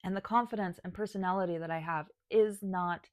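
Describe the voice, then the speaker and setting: A woman's voice: on the low side, steady tone, fairly quick, no room sound, studio quality. A woman talking to camera about her spiritual path, emotional and choking up, sighing and restarting as she speaks. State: tearful. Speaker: spiritual guide and video creator. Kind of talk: personal talk to camera.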